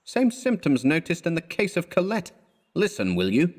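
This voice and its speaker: A man voicing a lovesick young male painter who speaks sadly and gently. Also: on the high side, wildly swooping pitch, moderate pace, pitched above the performer's own voice. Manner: sad, gentle, dogged.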